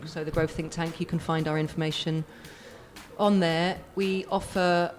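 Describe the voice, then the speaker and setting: A woman with a croaky voice, a guest on a radio show, explaining her work in an earnest, rambling way with many fillers. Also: low voice, steady tone, moderate pace. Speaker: guest, therapist. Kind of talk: casual radio interview.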